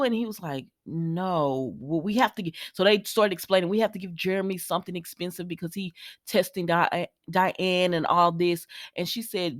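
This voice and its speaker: A woman's voice: fairly low pitch, a little fast, no echo, clean studio sound. A woman casually recapping a soap opera episode, chatty and opinionated. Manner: chatty and opinionated, quoting characters, sighs and laughs.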